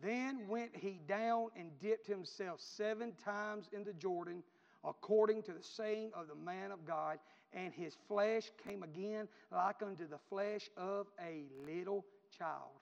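A man preaching a sermon, repeating phrases in a rhythmic build that rises to shouts. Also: high voice, a little slow, creaky. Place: church. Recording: reverberant hall, dull lo-fi.

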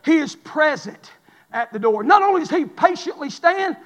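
A man, preaching a sermon in an impassioned, shouting cadence in a church. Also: extremely high pitch, expressive, normal speed. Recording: long reverb of a large hall.

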